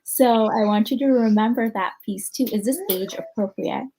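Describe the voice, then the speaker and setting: A woman's voice: a little high, normal speed, warm tone, a little hiss or hum, poor audio. A woman with an American accent, a clinical psychologist answering audience questions in a conversational conference talk, thinking aloud with plenty of ums and you-knows.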